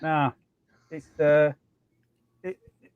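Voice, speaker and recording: A man's voice: fairly high pitch, huge pitch swings, very slow, gravelly, clean tone, dry recording. A man with an Essex accent, a guest on a live stream, chatting bluntly and casually. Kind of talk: casual livestream chat. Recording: tinny call audio.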